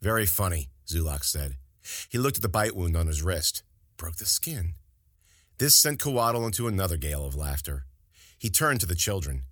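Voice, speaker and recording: A man narrating a fantasy story as an audiobook in an expressive, dramatic reading. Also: low-pitched, normal speed, no echo, studio quality.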